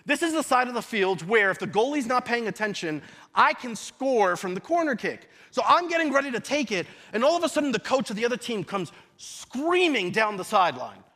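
A young man preaching a sermon, moving between casual storytelling asides and loud emphatic shouted declarations. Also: extremely high pitch, very animated, brisk. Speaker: pastor.

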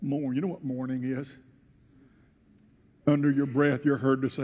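A pastor preaching a sermon, retelling a scripture story in first person and swelling to loud, emotional peaks. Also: male voice, medium pitch, steady tone, normal speed, long pauses, dull audio. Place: church sanctuary. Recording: church hall with long reverb.

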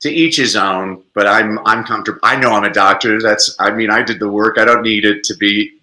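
A man, a teacher and podcast guest, talking expressively in an interview and jumping high in pitch to make a point. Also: a little fast, roomy sound, poor audio. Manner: lively, expressive, sweeps into high pitch for emphasis. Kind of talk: animated interview talk.

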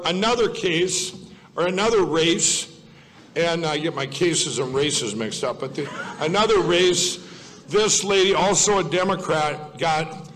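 A man with a somewhat high voice gives a loose, digressive speech to a crowd, circling back and fixing his own words as he goes. His talk is folksy and off the cuff. It carries a long reverb from a large hall. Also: fairly bright tone, slight background noise. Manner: digressive, self-correcting, folksy. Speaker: speaker at a political event. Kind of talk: rambling public speech.

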